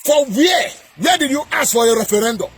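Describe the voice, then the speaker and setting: A man with a Nigerian accent delivering a heated political rant to camera, repeating himself and often shouting. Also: extremely high pitch, lively intonation, brisk, faint music behind. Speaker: political commentator.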